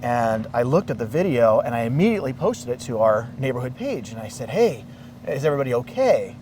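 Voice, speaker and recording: Man, mid-pitch, animated storyteller acting out quotes; outdoor interview, distant mic. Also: a little fast, a little hiss or hum. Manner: animated, acts out quoted dialogue. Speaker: interviewee, local resident. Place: outdoors in a residential neighborhood.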